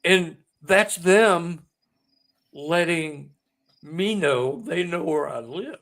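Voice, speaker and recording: A male author, a guest in a conversation, telling a personal story in an emotional, excitable way, choking up at times and repeating words when moved. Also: fairly high pitch, drawn-out words. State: close to tears.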